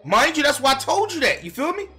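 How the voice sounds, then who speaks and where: Animated, cussing male storyteller. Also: extremely high pitch, fast, soft background music. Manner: animated, profane, talks straight to viewers, bursts into shouts. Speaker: vlogger telling a personal story. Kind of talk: casual storytime monologue to viewers.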